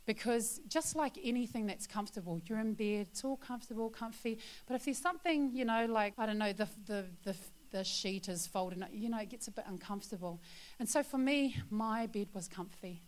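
A woman's voice: a little high, brisk. A woman sharing a testimony with her church congregation, a chatty storyteller full of fillers who turns earnest and confiding.

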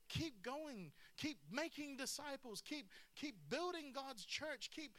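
A man preaching a lively sermon with humor and asides. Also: very high-pitched, takes it slowly, few pauses. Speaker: pastor.

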